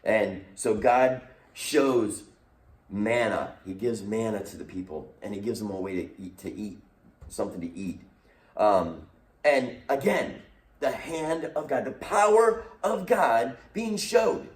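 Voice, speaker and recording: A man teaching a youth lesson in a lively, animated way, acting out the voices he quotes. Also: lowish voice, slow, echoey room, distant mic. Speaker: youth pastor.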